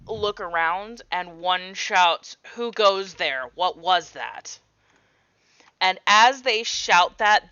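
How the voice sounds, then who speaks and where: A woman narrating as game master of a tabletop game, describing scenes slowly with many fillers. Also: on the low side, sharp tone, clear, resonant tone, dry recording, muffled recording.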